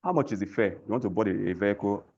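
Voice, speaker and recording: A man's voice: fairly low pitch, very fast, vocal fry, a little mellow, husky. A man teaching a language lesson over a call, patiently repeating words for learners to echo. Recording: lo-fi call audio.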